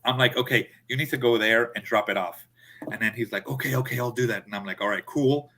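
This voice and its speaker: A man telling a story in a casual chat, animated, acting out his friends' lines. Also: medium pitch, fast talker. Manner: animated, acts out friends' quotes. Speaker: podcast co-host.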